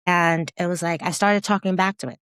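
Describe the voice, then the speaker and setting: A woman in her fifties, a guest in a candid interview, telling her story in an animated way and acting out her own past thoughts with laughter. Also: on the low side, fairly quick, clear, resonant tone, dry recording, studio quality. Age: 50s. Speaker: podcast guest, business founder.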